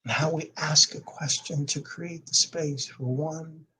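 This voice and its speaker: A man speaking as a podcast guest, telling a personal story with strong emphasis, swinging from loud to nearly a whisper. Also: fairly high pitch, fairly even intonation, a little slow, husky, rough recording.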